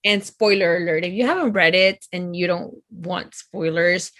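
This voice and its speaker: A woman co-hosting a book podcast, retelling her reactions in an animated way with lots of "like". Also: fairly low pitch, normal speed, no echo. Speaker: podcast co-host. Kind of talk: casual book review chat.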